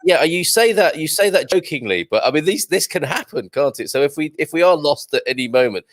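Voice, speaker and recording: Brief: male morning-show host, cheerful and chatty, animated pitch. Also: fairly quick, no room sound, clean studio sound. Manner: jovial, reads out viewer comments. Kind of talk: live morning show chat.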